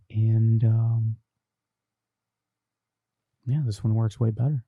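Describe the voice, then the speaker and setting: Young man, podcast host, reading live chat, casual riffing, low gravel, dry close sound. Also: dry recording, muffled recording. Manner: reads viewer comments aloud and riffs on them. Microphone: desk microphone through a mixer.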